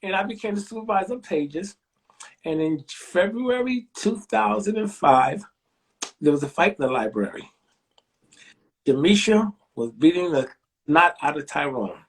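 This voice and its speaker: A man's voice: moderate pace, pauses often, husky. A man in his sixties, a library director, telling stories in an interview and acting out the voices of the people he quotes. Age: 60s. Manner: animated storyteller, acts out quoted voices with big pitch jumps. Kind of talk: storytelling interview.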